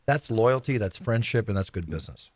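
A man's voice: lowish voice, expressive, fairly quick, no echo, studio quality. A man hosting an interview show, telling stories eagerly and steering the talk with questions. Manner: enthusiastic, leading storyteller asking questions. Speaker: show host.

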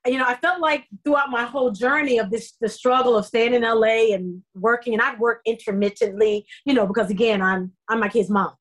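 A middle-aged woman, an actress being interviewed, telling her story in a lively way and repeating herself as she goes. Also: a little high, fairly quick, hardly any pauses. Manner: lively, acts out quoted voices, repeats herself. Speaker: actress guest.

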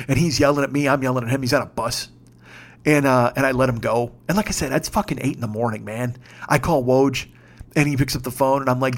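A man in his fifties telling a story in a casual podcast monologue, swearing freely and shouting when he gets worked up. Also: medium pitch, steady tone, fast talker. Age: 50s. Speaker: podcast host.

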